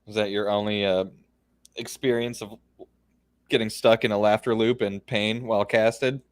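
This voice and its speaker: A man's voice: fairly low pitch, little pitch movement, moderate pace, clean tone. A man co-hosting a podcast, casually reacting with amused short questions and laughs. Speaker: podcast co-host. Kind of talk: casual chat.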